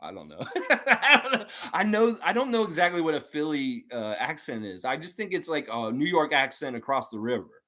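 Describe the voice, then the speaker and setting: A man's voice: mid-range voice, fairly quick, hardly any pauses. A man hosting a fan channel livestream in a casual, rambling chat, reading out viewer comments and talking on at length. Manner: rambling and animated, with many fillers like "and stuff like that".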